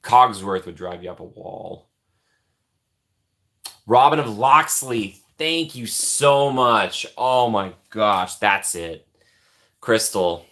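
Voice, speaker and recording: A man hosting a live stream, rambling casually and joking as he thinks out loud while reading the chat. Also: on the low side, animated, slow, long pauses.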